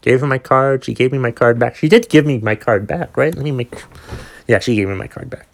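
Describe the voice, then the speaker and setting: A man's voice: mid-range voice, brisk, creaky. A young man hosting his own podcast, telling a rambling, exasperated story full of swearing and restarts. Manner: exasperated, profane ranting storyteller. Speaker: podcast host. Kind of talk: solo podcast rant.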